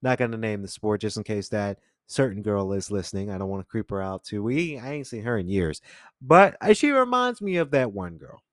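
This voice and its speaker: A man's voice: fairly low pitch, lively intonation, a little fast, no room sound. A young man hosting a podcast, telling a rambling, jokey story full of slang. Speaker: podcast host. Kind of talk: casual storytelling monologue. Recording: dry close studio mic.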